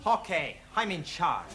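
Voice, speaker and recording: An actor playing a boisterous, cheeky Italian male student who speaks loud, broken English with an Italian accent. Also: high-pitched, heavily acted. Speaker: language student. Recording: noisy, with studio audience laughter.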